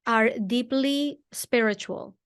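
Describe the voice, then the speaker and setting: Woman host asking questions slow and careful, voice a little on the high side. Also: clean tone. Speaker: podcast host. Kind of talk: conversational interview.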